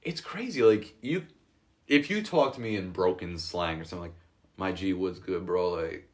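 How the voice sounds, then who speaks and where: A man's voice: deep voice, very animated, normal speed. A young man co-hosting a casual podcast, telling loose, profane stories and laughing often. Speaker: podcast co-host. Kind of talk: casual chat.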